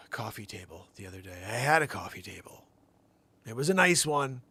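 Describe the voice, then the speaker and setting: A man's voice: fairly low pitch, big pitch swings, measured pace, pushed and bright, breathy edge. A middle-aged man hosting a comedy show, spinning a rambling tall-tale monologue with theatrical jumps in voice.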